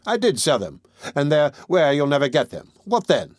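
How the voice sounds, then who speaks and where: Male reader doing a defiant scornful woman, raised pitch, dry. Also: very animated, moderate pace, no echo. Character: hard defiant older woman, unrepentant.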